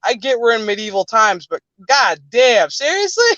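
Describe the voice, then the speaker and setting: High-voiced, profane laughing guy. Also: pushed and bright, no echo, highs cut off. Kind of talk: casual chat.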